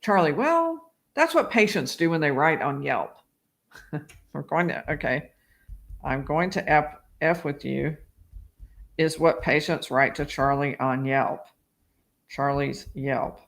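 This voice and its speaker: A man's voice: on the high side, takes it slowly, vocal fry, pauses often, fairly bright tone. A lawyer hosting a live stream, reading call transcripts aloud and adding his own asides. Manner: reads out transcript quotes with asides. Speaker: lawyer host. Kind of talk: live stream legal commentary.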